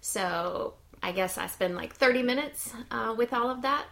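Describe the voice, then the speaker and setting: A woman's voice: a little high, normal speed, creaky, a bit bright, a little hiss or hum. A woman, co-hosting a podcast in casual chat, talking freely with fillers and easy laughter. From United States. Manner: chatty, laughs easily, many fillers. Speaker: podcast co-host. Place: lives in Sweden.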